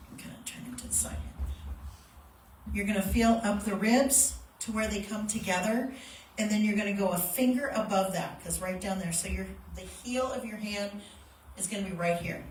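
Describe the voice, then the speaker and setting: Woman CPR instructor, practical and demonstrative, handheld mic a bit off, roomy space with faint background hum. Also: fairly low pitch. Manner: plain, practical, demonstrative teaching with acted-out shouts. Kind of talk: hands-on first aid workshop. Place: workshop room with a live group. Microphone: handheld microphone. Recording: echoey room, mic held at a distance, faint ambient noise.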